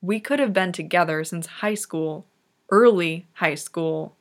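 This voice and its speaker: Woman reading a stunned awkward young guy, halting, slow. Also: on the low side, close to an everyday voice. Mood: hushed urgent.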